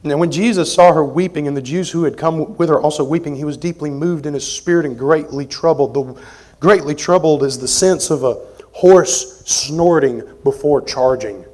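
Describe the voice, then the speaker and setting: A man preaching an expository sermon as pastor, conversational, moving between forceful emphasis and quiet asides. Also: fairly high pitch, moderate pace. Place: church sanctuary.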